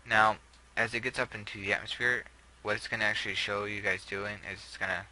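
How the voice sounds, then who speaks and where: Young male gamer narrating his play casually, low and crisp-edged, trails off, faint noise. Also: fairly even intonation, a little fast, sharp tone, poor audio. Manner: rambling, self-deprecating, trails off often. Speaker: gameplay video host. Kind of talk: casual gameplay commentary.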